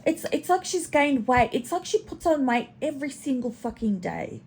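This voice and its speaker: A woman's voice: high voice, very animated, moderate pace, a little mellow, slight background noise. A woman hosting a casual reaction commentary, chatty and snarky, swearing now and then. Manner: chatty, snarky, swears, talks to her pet in baby talk. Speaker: commentary channel host.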